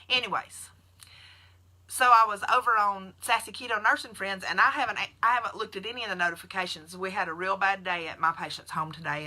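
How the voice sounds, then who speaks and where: A woman's voice: on the low side, pushed and bright. A woman, a nurse telling folksy stories directly to her followers on a live video. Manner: folksy storyteller, addresses viewers directly. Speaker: nurse hosting a keto support group.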